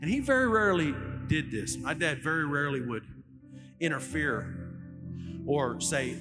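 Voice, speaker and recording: This sermon comes from a middle-aged male lead pastor who animates his stories and acts out quotes loudly. He speaks a little high at a normal pace, recorded with long hall reverb and faint music.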